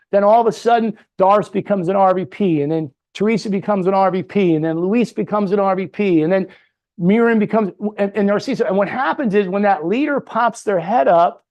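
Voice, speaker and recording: A middle-aged man with a notably high voice leads a motivational training session for a sales team. He talks in punchy bursts, firing rhetorical questions at the room and checking in with a quick "right?" after his points. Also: darkish tone. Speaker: business trainer.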